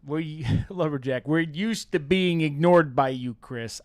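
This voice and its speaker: A man's voice: a little high, a little slow, few pauses, a little mellow, dry recording. A man co-hosting a live hobby painting stream, joking around and reading chat messages aloud in a playful, teasing way.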